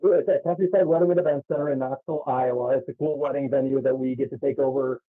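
A man's voice: mid-range voice, fairly even intonation, quick pace. A man calling in as a wrestling promoter guest, talking hesitantly and repeating his words. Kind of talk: phone-in interview. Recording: tinny phone line.

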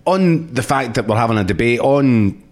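A man hosting a football discussion, asking probing questions in a measured way. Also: medium pitch, lively intonation, darkish tone. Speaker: show host. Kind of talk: radio-style football discussion.

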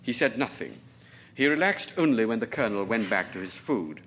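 A man in his forties from Trinidad, reading his own fiction aloud at a lecture in a measured, precise manner. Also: lowish voice, sing-song, a bit bright, lo-fi sound, a little hiss or hum. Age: 40s. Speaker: novelist, lecturer.

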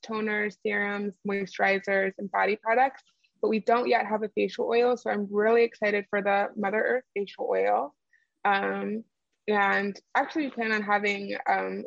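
A woman who founded a skincare brand explains her products in conversational interview answers, using lots of fillers and laughing easily. Her medium-pitched voice is creaky, recorded lo-fi with no echo.

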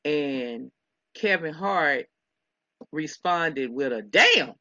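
A woman's voice: fairly low pitch, unhurried, fairly bright tone, no echo, highs cut off. A woman co-hosting a casual gossip chat, rambling and laughing often with many restarts. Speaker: podcast co-host.

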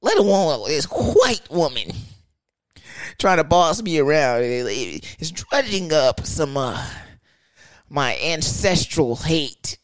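Profane, animated young man. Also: fairly high pitch, slow pace, no room sound. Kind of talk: casual storytelling rant.

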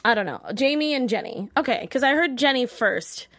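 A woman hosting a casual TV episode recap, chatty and animated, often acting out characters' lines. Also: sits high, a little fast, no echo. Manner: chatty, peppered with "like". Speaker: host.

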